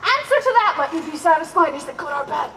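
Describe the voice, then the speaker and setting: A woman's voice: high-pitched, lively intonation, fast, bright, forceful tone, reverberant, rough recording. A woman playing an impatient young girl in love. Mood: pleading. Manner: impatient, pleading, giggly. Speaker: stage actor. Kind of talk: live outdoor Shakespeare performance.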